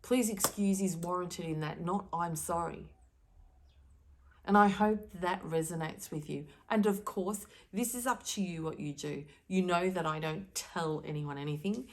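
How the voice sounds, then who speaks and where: Woman, low voice, earnest and emphatic, spiritual card reader speaking to camera. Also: a little slow. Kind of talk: direct-to-camera spiritual message.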